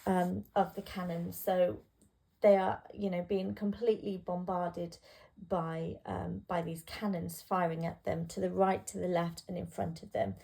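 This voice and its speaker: A woman's voice: fairly low pitch, little pitch movement, a little slow, creaky, dark tone. A woman tutor talking through a poem in a casual revision lesson, with plenty of ums and restarts. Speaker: English literature tutor.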